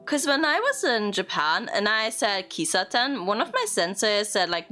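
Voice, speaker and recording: A woman's voice: mid-range voice, very animated, normal speed, hardly any pauses, pushed and bright, soft background music. A young woman streamer chatting playfully and casually while teaching Japanese words, swearing now and then. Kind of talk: casual live-stream chat.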